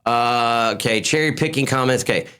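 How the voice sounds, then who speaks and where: A man's voice: mid-range voice, normal speed, noisy background. Stammering man hosting a podcast debate. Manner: animated, stammering, swears often. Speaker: podcast host. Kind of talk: casual debate chat.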